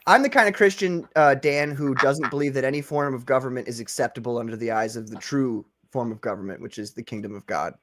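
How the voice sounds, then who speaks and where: A man hosting a loose livestream, greeting viewers by name and reading their comments aloud. He jokes constantly and breaks into laughter often, and his voice sits at an ordinary middle pitch. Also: quick pace, hardly any pauses, a bit bright. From Maryland. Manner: jokey, laughs often, reads chat aloud. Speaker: host. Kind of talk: casual livestream chat.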